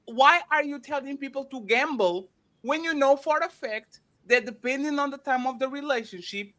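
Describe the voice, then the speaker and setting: A man's voice: very high voice, normal speed, bright, forceful tone. A man hosting a podcast, arguing emphatically in a heated debate, interrupting and repeating himself.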